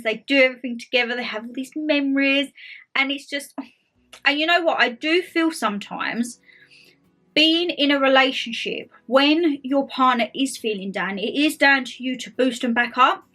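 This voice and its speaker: A woman's voice: fairly high pitch, bright, forceful tone. A young woman chatting casually to camera, bubbly and talkative, full of quoted asides. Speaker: vlogger host. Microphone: tablet camera.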